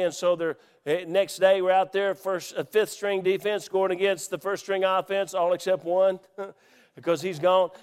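A middle-aged man telling a story from the pulpit in a folksy, animated way and acting out the quotes. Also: high voice, smooth. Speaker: preacher. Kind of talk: storytelling sermon. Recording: long hall reverb.

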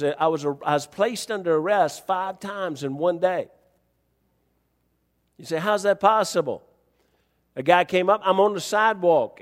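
A male pastor preaching a sermon, telling a story and rising to near-shouts as he acts out the exchange. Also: sits high, in a large hall.

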